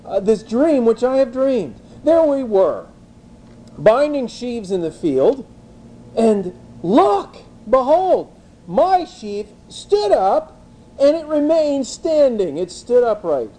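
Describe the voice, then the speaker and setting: A man's voice: very high-pitched, sing-song, slow pace, warm tone, voice pushed up, exaggerated voice, low-quality recording. A man voicing a naive, boastful teenage boy who eagerly brags about his dreams, in a sermon. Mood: eager bragging. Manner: eager, breathless bragging.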